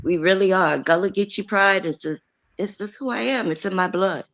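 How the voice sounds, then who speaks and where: A woman's voice: mid-range voice, moderate pace, lo-fi sound. A woman speaking as an activist guest on a live-stream chat, outspoken and unapologetic.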